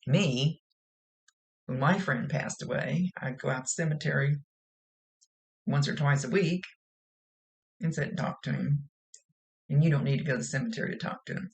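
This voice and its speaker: Woman psychic medium rambling through a reading, folksy and chatty, gravelly voice with a lot of fry. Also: sits low, moderate pace, long pauses. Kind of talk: casual spoken mediumship reading.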